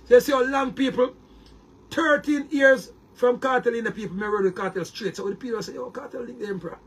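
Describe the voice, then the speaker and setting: A man's voice: extremely high pitch, steady tone, brisk, fairly bright tone, breathy edge. A Jamaican man delivering a heated, boastful monologue to his viewers, repeating words and restarting often. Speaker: online commentator.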